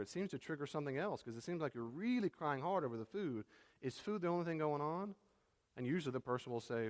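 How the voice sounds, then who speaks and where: A man's voice: fairly high pitch, sing-song, fast. A man preaching a sermon as a pastor, emphatic, acting out quoted spouses with sudden raised voices. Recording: reverberant hall.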